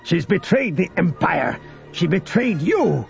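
A man's voice: high-pitched, sing-song, unhurried, vocal fry, voice pushed up, full character voice. A cruel, scheming warlord snaps orders with open contempt, as a man voices him. His voice sneers and commands. The lo-fi recording has music playing underneath. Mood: contemptuous. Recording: dull lo-fi audio with music.

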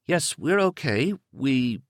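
A man's voice: medium pitch, big pitch swings, slow, dry recording, pitched above the performer's own voice. A man voicing a frightened young mother who sounds harried and close to tears, pleading in a trembling voice.

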